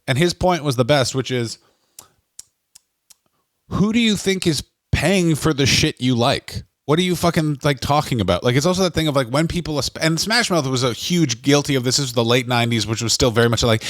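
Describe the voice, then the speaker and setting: A man's voice: on the high side, animated, fairly quick, dry recording, studio quality. A man co-hosting a podcast in casual comedic chat, ranting profanely with hot takes. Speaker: podcast co-host.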